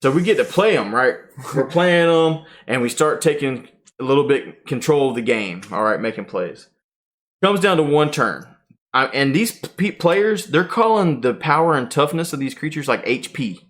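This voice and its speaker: A man's voice: a little high, normal speed. A man, casually telling a tournament story on a podcast and acting out the quotes. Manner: animated storyteller, acts out quotes. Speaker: podcast host.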